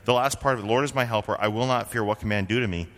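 Low-voiced pastor preaching in a hall. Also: male voice, rapid-fire, a bit bright. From Vermont, USA. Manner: conversational preaching, rhetorical questions. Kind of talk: sermon.

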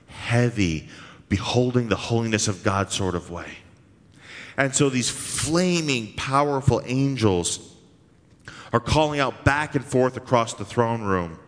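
A man's voice: medium pitch, a bit bright. Earnest preaching man in a reverberant hall. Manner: emphatic, earnest preaching with slow drawn-out stresses. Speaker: pastor. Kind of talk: sermon.

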